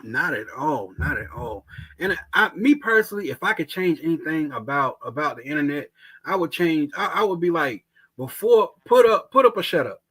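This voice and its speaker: A man hosts a casual podcast with a slightly raised voice, animated and chatty, stumbling over and repeating his words. The sound is dry and close, with no room echo. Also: a little high, moderate pace, husky. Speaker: podcast host.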